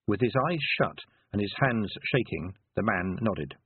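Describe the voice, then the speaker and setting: A man narrates a storybook with an expressive, lively lilt that rises and falls a great deal. His voice is husky and comes through a thin, phone-like band. The recording is bone dry, with no room sound. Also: lowish voice, normal speed, no room sound. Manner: expressive, varied delivery. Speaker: audiobook narrator.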